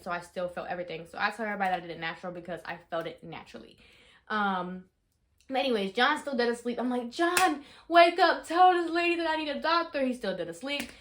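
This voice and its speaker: A young woman in her twenties, telling a story casually in a vlog, chatty and full of fillers, shouting out the dramatic parts. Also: medium pitch, a little hiss or hum. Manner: chatty, animated, lots of fillers, rises to shouting in re-enactments. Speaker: vlogger.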